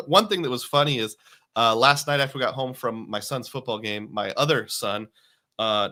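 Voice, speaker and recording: A man in his forties hosting a casual live stream. His voice is bright and forward, with mid-range pitch. He chats easily, reads viewer comments aloud and laughs often. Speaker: livestream host.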